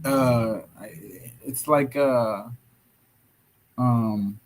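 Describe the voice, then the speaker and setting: A man talking as a podcast guest, hesitant and reflective, with halting starts. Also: mid-range voice. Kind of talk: casual conversation.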